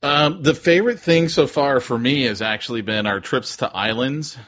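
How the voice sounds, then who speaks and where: A man's voice: medium pitch, a bit bright, a little hiss or hum. A man co-hosting a podcast, telling funny stories in casual chat and laughing through them. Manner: laughing storyteller, quick asides. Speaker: podcast co-host. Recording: dull lo-fi podcast audio.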